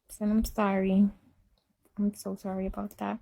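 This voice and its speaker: A woman's voice: mid-range voice, monotone, normal speed, creaky, long pauses, warm tone, breathy edge. Chatty woman. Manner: chatty, emphatic, repeats herself for effect. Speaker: livestreamer. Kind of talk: casual live-stream chat.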